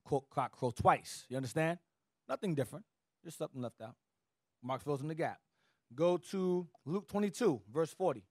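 A man's voice: fairly high pitch, expressive, normal speed, pauses often, a little mellow, no echo, clean studio sound. A man teaching a Bible class, directing the reader with "go ahead" and explaining passages in casual street slang. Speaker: teacher leading a scripture class.

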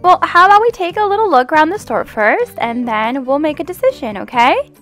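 Brief: woman game roleplayer, sky-high voice, animated and coaxing as a mom. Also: a little fast, soft background music. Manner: animated and playful, motherly coaxing. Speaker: host and roleplayer playing the mom. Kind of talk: casual game roleplay chat.

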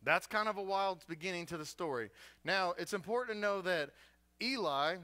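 A man preaches as a guest speaker, telling the story with humor and lively energy. His voice is high and bright, with a forceful edge. He mixes jokes into his sermon in a church. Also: moderate pace.

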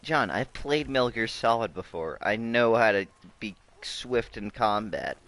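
A young man chatting casually and joking excitedly while playing a video game with a friend. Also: fairly low pitch, measured pace. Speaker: gamer. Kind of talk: casual gameplay chat.

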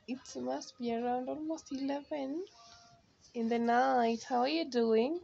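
Slow, soft-spoken woman cooing to her baby. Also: high-pitched, vocal fry, husky, muffled recording. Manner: soft and doting, baby talk with laughter. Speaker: vlogger. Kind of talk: casual home vlog talking to her baby. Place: home at night.

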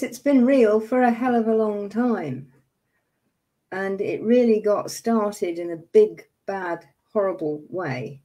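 A woman in her seventies hosts a livestream, talking to viewers casually yet angrily and emphatically, then apologizing for her outbursts. Her voice is mid-range with a dark tone.

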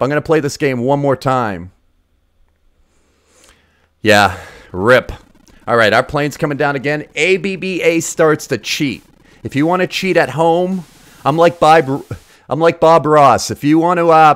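Brief: male game streamer, casual crude sarcastic commentary, slightly high pitch. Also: a bit bright, no room sound. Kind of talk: casual live-stream commentary while gaming.

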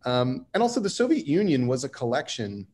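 A man's voice: mid-range voice, big pitch swings, brisk, darkish tone. A man speaking on a panel, conversational and emphatic with dry humor. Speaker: writer on a panel. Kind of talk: panel discussion.

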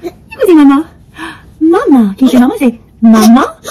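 A woman's voice: sits high, big pitch swings, fairly quick, warm tone. A mother at home coaxing her baby in repetitive, sing-song baby talk.

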